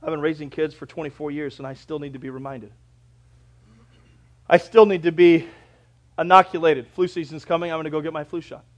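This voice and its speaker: A middle-aged male pastor preaching a sermon, with a preacherly delivery that swings from loud emphatic lines to low quiet drops, and that stretches out scripture quotes slowly. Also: fairly even intonation, lo-fi sound.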